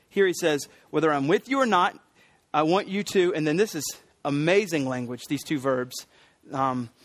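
Middle-aged American male pastor, high-pitched, dry close sound, earnest sermon delivery with repeated key words and frequent fillers. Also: a bit bright, no room sound. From United States.

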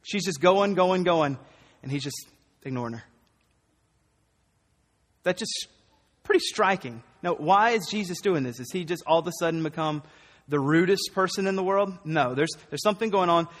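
A man preaching a sermon as a pastor, conversational and animated, correcting himself and laughing as he goes. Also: a little high, normal speed, pauses often, in a large hall.

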